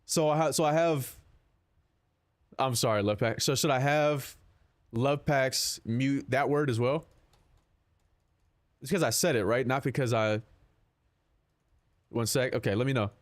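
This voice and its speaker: A man's voice: medium pitch, a little slow, pauses often. A man streaming a game, chatting casually with his chat in a rambling, profane, laid-back way.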